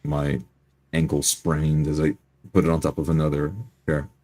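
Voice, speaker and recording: A man with an extremely deep, dark voice playing a tabletop game. He describes his character's moves in a measured, slightly halting way. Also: completely flat delivery. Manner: measured, hesitant. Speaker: player. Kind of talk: tabletop role-play.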